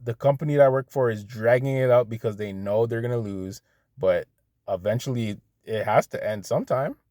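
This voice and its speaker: A man on a profane, heated rant, blunt and loose in his delivery. His voice sits at a middle pitch and sounds dry and close, with no room echo. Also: fairly quick, darkish tone. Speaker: vlogger. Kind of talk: casual rant.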